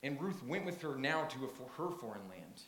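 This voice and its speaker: A man's voice: mid-range voice, very animated, brisk, a bit bright. A man preaching a sermon in a church, retelling a story with earnest emphasis and frequent restarts. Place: church sanctuary. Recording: roomy echo.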